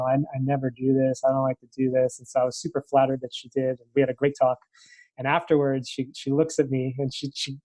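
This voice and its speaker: Young guy coach telling a story, mellow dark tone, dry close sound, acts out the quotes. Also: medium pitch, dry recording, poor audio. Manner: animated, acts out quoted dialogue. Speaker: tennis coach. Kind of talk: casual interview storytelling. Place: Los Angeles area.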